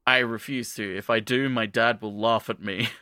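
A man's voice: fairly low pitch, fairly even intonation, moderate pace, sharp tone, no room sound, studio quality. A man voicing a cocky, scheming young boy hero in a casual retelling, near his own voice.

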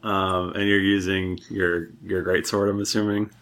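A low-pitched man narrates and runs a tabletop role-playing game as game master. He speaks in a relaxed, halting way, with fillers.

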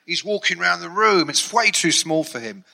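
Music journalist, rambling amused storyteller, very bright tone, slightly high. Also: male voice, animated, normal speed, creaky. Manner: rambling, amused, many fillers and restarts. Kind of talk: anecdotal storytelling.

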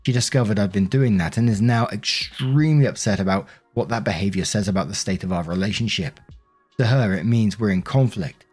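A man reading a first-person story aloud in a steady narrating voice. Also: fairly low pitch, fairly quick, husky, soft background music. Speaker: narrator of online stories.

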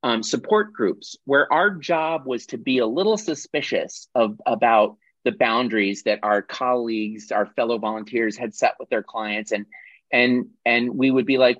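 A man's voice: mid-range voice, normal speed, fairly bright tone, dry recording. A man leading a workshop on a video call, teaching in a conversational way and correcting himself as he goes. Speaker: workshop leader. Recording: dull dry video-call audio.

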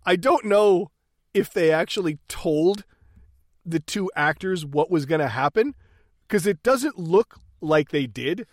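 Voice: mid-range voice, animated, unhurried, dry recording. Swears a ton, laughs a lot, voice swings up and down, dry close sound. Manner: profane, laughing, acts out characters. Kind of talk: casual movie recap chat.

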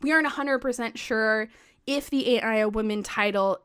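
A woman co-hosting a podcast, telling history in a casual, excitable way, full of "like" and the odd swear. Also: fairly high pitch, normal speed, clean tone. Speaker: podcast co-host.

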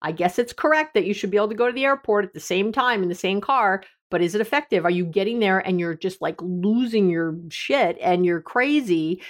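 A middle-aged woman hosts an advice podcast as a therapist. She speaks candidly and conversationally, with a self-deprecating streak. Her voice sits at an ordinary, mid-range pitch. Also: fairly quick, few pauses.

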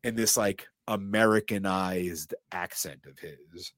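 A man with a somewhat low voice retells a film scene by scene for his podcast, acting out the characters' lines as he goes. His talk is loose and casual, with the odd swear word. The sound is dry and close, with no room around it. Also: slow, dry recording. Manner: animated storyteller, acts out quotes and swears casually. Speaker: podcast co-host recapping a film. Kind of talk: casual chat, scene-by-scene recap.

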